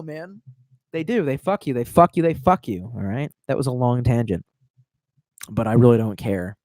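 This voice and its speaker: A man's voice: a little high, no room sound. A man in his thirties on a livestream telling rambling, profane stories and laughing at his own tangents. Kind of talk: rambling storytelling.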